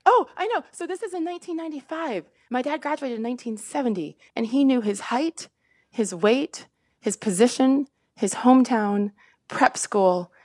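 Fast, animated woman telling a story. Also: high-pitched, dry recording. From Indiana, USA. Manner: animated, quick and laughing, with many restarts. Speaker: sportscaster guest. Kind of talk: casual storytelling on a podcast.

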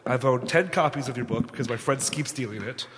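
A man's voice: medium pitch, brisk, fairly bright tone, long reverb tail. A man from the audience at a live podcast, eagerly and ramblingly thanking the hosts. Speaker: audience member asking a question.

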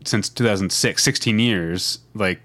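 A man's voice: fairly low pitch, measured pace, fairly bright tone. Rambling Midwestern man, forties. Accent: Midwestern American. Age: 40s. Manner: rambling, self-interrupting, laughs easily. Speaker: podcast co-host. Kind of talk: casual podcast chat.

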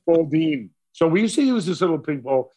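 An older man from Brooklyn with a New York accent, telling stories as an interview guest in a theatrical, animated way. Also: fairly high pitch, fast. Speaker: radio DJ guest. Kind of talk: storytelling interview.

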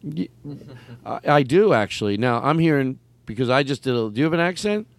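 A man hosting a casual chat, rambling and animated, with many restarts. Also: medium pitch, brisk, gravelly, no room sound.

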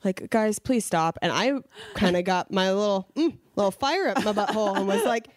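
A woman's voice: medium pitch, moderate pace, no echo, studio quality. A woman co-hosting a casual podcast chat, telling stories animatedly, acting out quotes and laughing often. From Los Angeles area. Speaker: podcast co-host.

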